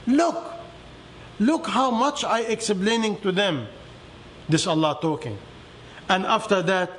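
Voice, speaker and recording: A man preaching a sermon in non-native English with simplified grammar, swinging emphatically between high and low. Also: takes it slowly, long pauses, fairly bright tone, slight background noise. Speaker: religious teacher.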